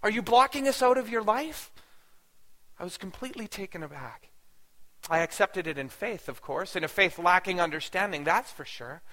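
A man's voice: on the high side, brisk, sharp tone. A man preaching in the first person as a grieving, bewildered yet faithful mother, telling her story with earnest feeling and rising pleas. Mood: wounded, reflective. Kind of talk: first-person dramatic sermon monologue. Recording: long hall reverb.

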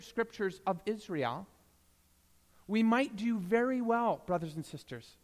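A man preaching a sermon as a pastor, telling stories and swinging between hushed, slow passages and emphatic rises. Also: sits high, big-room sound.

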